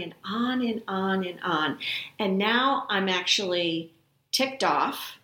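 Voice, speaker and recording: Slow-talking woman telling a personal story. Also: medium pitch, sharp tone, echoey room. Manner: conversational, emotional retelling with quoted dialogue. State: near tears. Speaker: podcast host.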